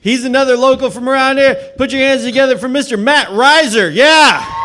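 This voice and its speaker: A man working as an open mic emcee, loudly hyping up the next comic on a small club stage. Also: extremely high pitch, normal speed, noisy background. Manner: loud, hyped announcing. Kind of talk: introducing the next act.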